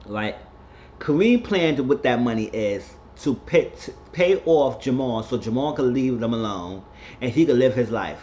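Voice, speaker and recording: A man's voice: mid-range voice, darkish tone, dull audio, slight background noise. A man chatting casually through a TV show recap, retelling the plot with plenty of fillers.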